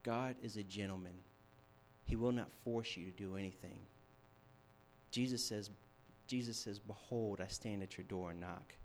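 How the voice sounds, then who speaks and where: A young man preaching a sermon, telling a story with animated shifts from hushed to loud. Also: fairly low pitch, moderate pace, pauses often, a little hiss or hum. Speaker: campus ministry preacher.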